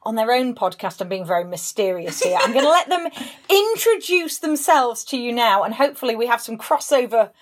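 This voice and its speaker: A chatty English woman co-hosts a podcast with a slightly high voice. She talks in casual chat with friends, laughing easily and restarting her sentences as she goes. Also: lively intonation, moderate pace. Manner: chatty, self-interrupting, laughing. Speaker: podcast co-host.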